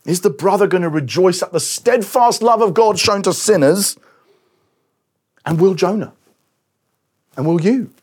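Middle-aged man, pastor mid-sermon, slightly high and a little breathy, animated storytelling with quiet asides. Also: a little slow, long pauses. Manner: animated storytelling, acts out quoted voices, sometimes drops to a quiet voice.

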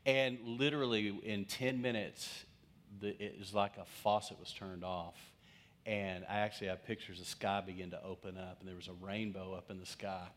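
A pastor with a lowish male voice delivers a sermon as a lively personal anecdote. He slips into the voices of the people in his story, playing the scenes for laughs. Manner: humorous, acts out quoted voices.

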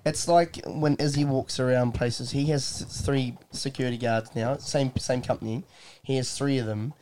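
A man's voice: mid-range voice, steady tone, normal speed, a little mellow, slight background noise. A man, a guest on a podcast, talking bluntly and cutting in with crude jokes. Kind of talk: casual chat.

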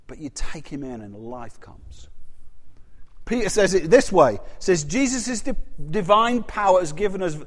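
A man preaching a sermon in a church hall, animated and full of rhetorical questions, his voice rising and dropping sharply. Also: high-pitched, unhurried. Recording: long hall reverb.

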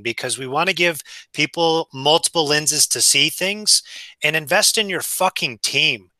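Male guest, blunt and emphatic, sharp bright tone, slightly high; dry, close sound. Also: no echo. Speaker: food safety trainer. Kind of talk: casual podcast chat.

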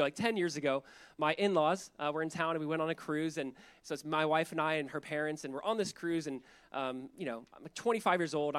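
High-voiced man preaching a lively sermon. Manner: animated, acts out voices in anecdotes. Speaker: pastor. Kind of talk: sermon with storytelling.

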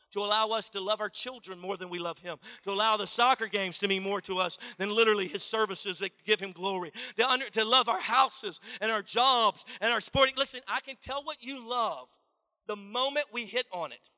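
A pastor from Texas, preaching an animated, folksy sermon in a church. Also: male voice, high voice, brisk, in a large hall. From Dallas, Texas.

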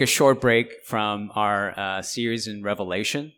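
A man preaching a sermon, conversational and halting, with frequent fillers and restarts. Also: on the low side, a bit bright. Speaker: pastor.

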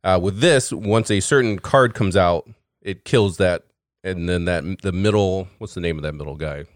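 A podcast co-host with a low voice tells a story at a moderate pace during a casual chat, laughing often. The sound is dry and clean, studio quality.

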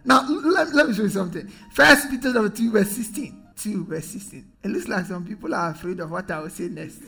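Male preacher, high-pitched and emphatic, leads call-and-response, soft music under him. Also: expressive, a little fast, creaky, slightly rough. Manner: call-and-response, emphatic, often rising to shouts. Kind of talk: sermon. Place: church.

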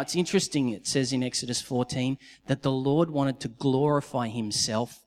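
High-voiced man preaching in a hall. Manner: animated storytelling with dramatized quotes. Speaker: pastor. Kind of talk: sermon. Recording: long reverb of a large hall.

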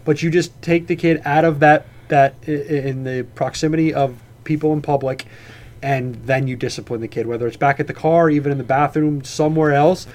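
Rambling man with a slightly high voice. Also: steady tone, brisk, a little mellow. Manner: rambling, with frequent restarts and swearing. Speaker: podcast co-host. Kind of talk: casual podcast chat.

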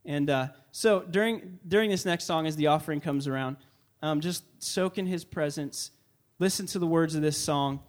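A young man leading worship in church, welcoming the congregation and telling an earnest, excited story with frequent restarts. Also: a little high, moderate pace. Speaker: worship leader. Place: church sanctuary.

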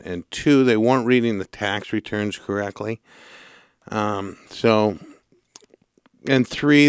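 A man hosting a radio show about mortgages, telling a client story in a lively, chatty way and acting out the calls. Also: medium pitch, clean tone, dry recording, studio quality. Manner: animated storyteller, acts out callers' lines. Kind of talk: casual radio talk, storytelling.

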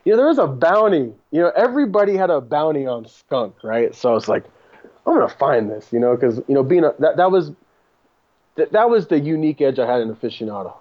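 A man's voice: fairly high pitch, expressive, brisk, dull audio. A man telling a long, profane, rambling story as a podcast guest, with frequent laughter. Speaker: podcast guest, cannabis breeder. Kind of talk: casual storytelling interview.

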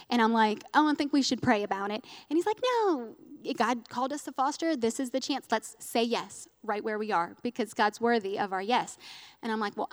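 A woman's voice: a little high, big-room sound. A woman in her thirties giving an earnest, emotional personal testimony as part of a sermon, close to tears, with frequent restarts. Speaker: speaker at a church gathering.

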